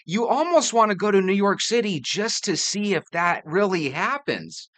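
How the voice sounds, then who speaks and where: A man's voice: high-pitched, big pitch swings, normal speed, hardly any pauses, fairly bright tone, dry recording. A man hosting a reaction video, commenting in a theatrical, teasing way.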